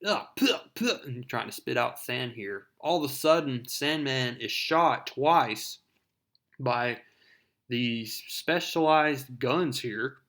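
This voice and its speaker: A man's voice: mid-range voice, slow, fairly bright tone. A man casually retelling a comic book story in a conversational, storytelling way.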